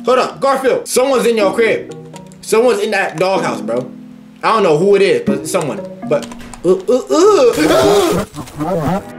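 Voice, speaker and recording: A man giving loud, profane commentary on a horror game, yelping at scares and talking back to the characters. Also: high voice, measured pace, over music. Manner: excitable, profane, yelps at jump scares. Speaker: gaming YouTuber.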